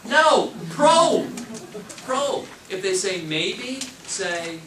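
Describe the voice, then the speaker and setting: A man's voice: very high voice, slow. Emphatic male sales trainer in echoey classroom. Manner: emphatic, repeats key phrases, coaching tone. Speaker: real estate sales trainer. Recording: echoey room, mic far off, noisy.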